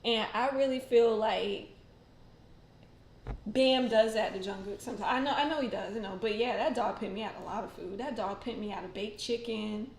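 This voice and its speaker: A woman's voice: a little high, normal speed, slight background noise. Chatty woman host in an echoey room. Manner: chatty, rambling, many fillers and laughs. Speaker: tarot channel host. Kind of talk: casual livestream chat.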